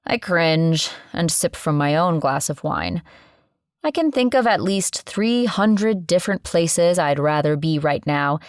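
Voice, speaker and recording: A woman's voice: sits low, no room sound. A woman narrating a first-person audiobook with sardonic, wry asides, recorded on a close studio mic.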